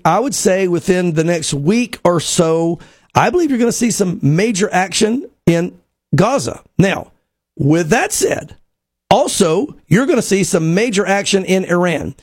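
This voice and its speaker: A man's voice: high voice, lively intonation, measured pace, darkish tone, no echo. A man giving conversational news commentary as a guest, earnest and speculative, laying out his points one by one.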